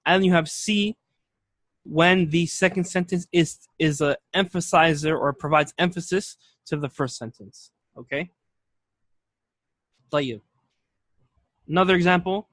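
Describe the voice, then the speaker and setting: A man's voice: on the high side, unhurried, long pauses, a bit bright, dry recording. A male teacher giving a classroom lecture, patient and explanatory, repeating key points and checking that students follow. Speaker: Arabic teacher.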